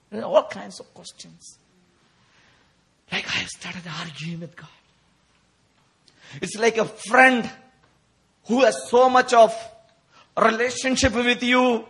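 Male preacher, high voice, sharp and bright, emotional, laughing, bursts of shouting. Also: husky. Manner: emotional, animated storytelling with laughs and outbursts. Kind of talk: sermon at a prayer meeting. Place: church.

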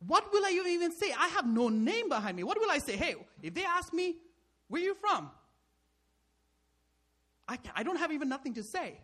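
A man's voice: very high-pitched, sing-song, a bit bright, pitched above the performer's own voice, exaggerated voice. A pastor voicing a fearful man pleading his unfitness. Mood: pleading, anxious. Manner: anxious, pleading, rapid questions. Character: frightened, doubting older man pleading he is unfit. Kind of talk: acted quote inside a sermon.

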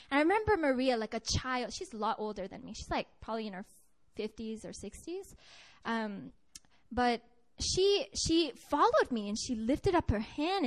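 Woman, high-pitched, earnest sermon, conversational, personal testimony, frequent restarts. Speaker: preacher.

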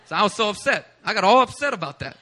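A male pastor from Philadelphia with a high, very bright and tense voice preaches to a church congregation. He tells a story with humor and animation, acting out the other people's lines. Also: quick pace. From Philadelphia, USA. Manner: animated, humorous, acts out quotes. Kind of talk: sermon with personal storytelling. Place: church service.

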